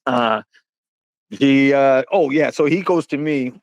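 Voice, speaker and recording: A man's voice: mid-range voice, takes it slowly, no echo, highs cut off. A middle-aged man telling stories in a casual interview, rambling with many fillers and restarts. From Canada. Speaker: interview guest, rapper.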